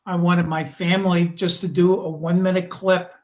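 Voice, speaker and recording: A man's voice: sits high, level tone, moderate pace, darkish tone. A man with a New Jersey accent calling in to a radio show and telling jokey stories in a chatty way. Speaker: caller. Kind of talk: casual storytelling.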